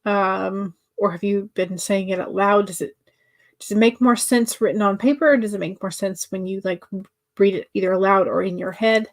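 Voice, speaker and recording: A woman's voice: mid-range voice, fairly even intonation, normal speed. A woman hosting a writing-sprint livestream, chatting casually and answering viewer comments with many fillers and restarts.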